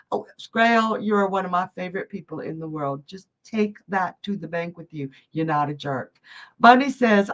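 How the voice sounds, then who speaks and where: On a live psychic stream, a Georgia woman with a medium-pitched, slightly bright voice reads viewer comments and chats effusively, laughing frequently. The recording is rough.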